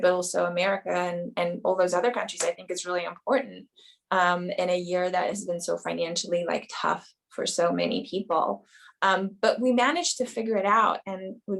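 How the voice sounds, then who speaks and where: A woman's voice: lowish voice, vocal fry. A woman, an actress, talking casually in an interview and filling her sentences with "you know" and "um". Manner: rambling, many "you know" and "um" fillers.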